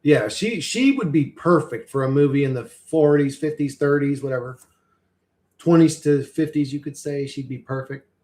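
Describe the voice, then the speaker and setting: A man's voice: on the high side, moderate pace, darkish tone. A man in a casual, rambling live-stream chat, swearing freely and chuckling often as he talks.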